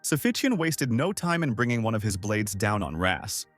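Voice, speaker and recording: A man narrating a scripted story recap in a steady storytelling manner, reading the quoted lines without doing voices. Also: on the low side, moderate pace, soft background music.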